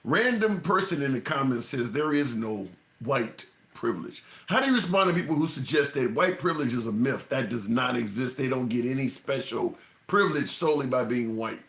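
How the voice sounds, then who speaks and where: A man hosting a casual political chat, putting questions to his guest with quick interjections. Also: mid-range voice, animated, vocal fry, a bit bright, echoey room. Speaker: host.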